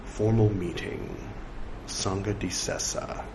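A man reading scripture aloud, saying the quotes and punctuation out loud and breaking off for chatty side remarks. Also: low voice, wildly swooping pitch, slow, vocal fry. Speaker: scripture reader. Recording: echoey room with faint background noise.

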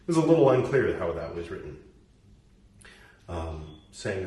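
A man's voice: low voice, big pitch swings, moderate pace, pauses often, mellow. Musing man reading aloud, roomy echo. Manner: reads aloud, stops to muse and question. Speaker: reader and commentator. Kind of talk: casual reading with commentary. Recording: roomy echo, distant mic, faint noise.

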